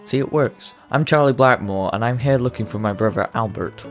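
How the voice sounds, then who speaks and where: A man's voice: mid-range voice, a little fast, soft background music. A man giving casual, joking, rambling commentary while playing a video game. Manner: joking, rambling, self-deprecating. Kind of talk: casual let's-play commentary.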